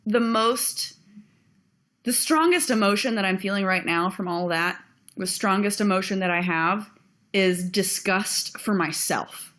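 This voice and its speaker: A woman's voice: medium pitch, measured pace, fairly bright tone. Young woman vlogger, blunt and heated rant, swears freely, mid-range voice. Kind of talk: ranting video commentary.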